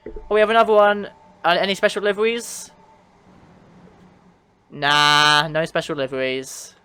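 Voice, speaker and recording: A man's voice: fairly high pitch, flat delivery, unhurried, bright, forceful tone, clean tone. A man streaming a train simulator, chatting casually and answering his chat with frequent laughs. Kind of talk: casual livestream commentary.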